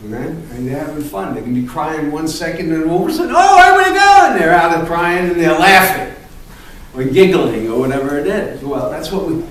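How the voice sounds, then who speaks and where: A man coaching an improv acting class, animated and punchy, often cursing and punctuating points with "boom". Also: a little fast. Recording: echoey room from far off, faint ambience.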